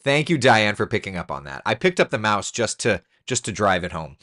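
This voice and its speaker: Lively chatty male weather host. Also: lowish voice, a little fast. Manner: chatty, talks to the computer in mock frustration. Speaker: TV meteorologist hosting a live stream. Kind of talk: casual live weather chat.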